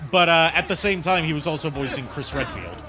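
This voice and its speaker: A man's voice: fairly high pitch, lively intonation, brisk, a crowd in the background. Guy streaming a game, rambly and opinionated, music playing behind. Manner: rambling, opinionated, many fillers. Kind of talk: casual gameplay commentary.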